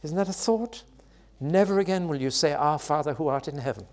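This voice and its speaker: A man preaching a sermon, expressive, building to loud, high exclamations and dropping back to soft, quiet lines. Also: brisk.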